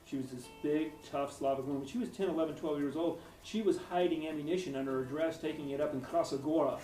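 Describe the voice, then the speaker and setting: A man's voice: a little high, fast, mellow. A man being interviewed, recounting personal stories in a rambling, hesitant way. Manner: rambling, hesitant with frequent restarts. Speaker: author interviewee. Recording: roomy, distant mic with faint music.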